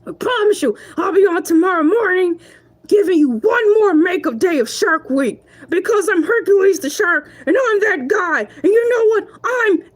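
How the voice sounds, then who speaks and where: A woman's voice: very high-pitched, lively intonation, moderate pace. A woman voicing a brash, self-proud male shark who hosts a live comedy show, talking in quavering, mock-outraged rants broken up by laughter. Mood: chatty. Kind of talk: live-stream comedy monologue.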